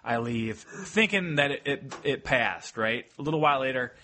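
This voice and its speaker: A man telling a crude workplace story on a podcast, animated and laughing as he goes. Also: mid-range voice, moderate pace, a little hiss or hum. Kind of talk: casual storytelling.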